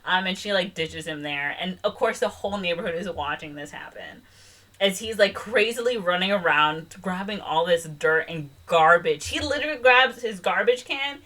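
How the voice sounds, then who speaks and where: A woman's voice: fairly low pitch, animated, moderate pace, sharp tone. A young woman co-hosting a podcast, retelling a film in casual, rambling chat with lots of "like" and "um". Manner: chatty, rambling retelling full of "like" and "um". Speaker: podcast co-host.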